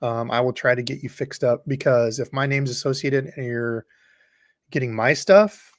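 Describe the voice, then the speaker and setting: A man's voice: medium pitch, normal speed, no echo, studio quality. A man hosting a fishing livestream, rambling casually and reading viewer comments aloud. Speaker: fishing channel host.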